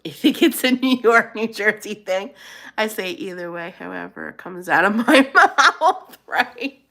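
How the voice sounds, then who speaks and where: A woman's voice: medium pitch, animated, measured pace, creaky, bright, forceful tone. A woman from Pennsylvania hosting a casual live chat, reading and answering viewer comments and laughing often. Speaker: live stream host.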